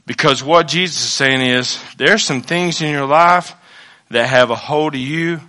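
Man, pastor, bright edge, loud then hushed, church sermon. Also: a little slow. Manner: swings from loud exclamations to low, hushed asides.

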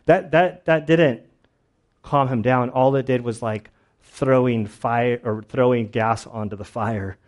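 A male pastor with a mid-range voice preaches a little slowly in a casual, conversational way. He tells stories full of fillers and restarts.

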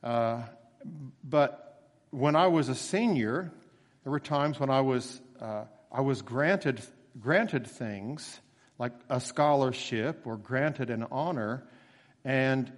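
A man preaching a sermon in a relaxed, conversational way, slowing down to stress key phrases. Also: mid-range voice, long reverb tail. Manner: conversational storytelling with emphatic slowed phrases.

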